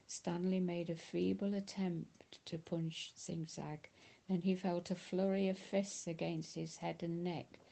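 Slow, gravelly woman narrator. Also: fairly low pitch, mellow, rough recording. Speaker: audiobook narrator. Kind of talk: audiobook narration.

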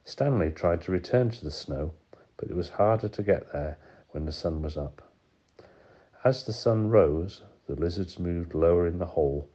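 A man reading an audiobook in steady, measured narration. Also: low-pitched, breathy edge. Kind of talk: scripted narration. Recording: dull lo-fi recording.

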